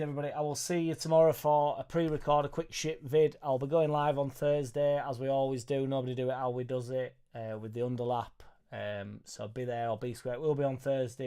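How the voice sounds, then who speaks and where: A young man hosting a live football reaction stream, reading viewer messages in an excitable, sweary, joking way. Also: medium pitch, clear, resonant tone. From Leeds, England. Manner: excitable, sweary, banter-filled. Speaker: football fan channel host.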